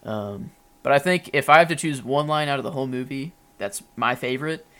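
A man's voice: medium pitch, fairly quick, a bit bright. A young man co-hosting a podcast in casual chat, rambling with many fillers and restarts. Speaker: podcast co-host.

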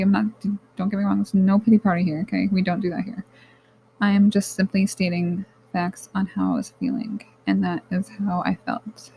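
Candid, gravelly-voiced woman podcaster. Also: medium pitch, dark tone, a little hiss or hum, rough recording. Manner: candid, rambling, swears freely, talks to listeners as guys. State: near tears. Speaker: podcast host. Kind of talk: personal podcast monologue.

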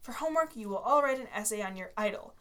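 A woman's voice: medium pitch, lively intonation, quick pace, fairly bright tone, natural voice. A woman reading aloud as a stern schoolteacher, raising her voice to scold. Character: stern schoolteacher woman, strict and sharp-tongued.

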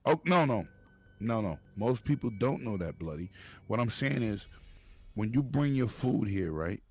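A man from Brooklyn with a New York accent in casual, profane group banter, loudly arguing a point and cutting in to hold the floor. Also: medium pitch, animated, moderate pace, breathy edge.

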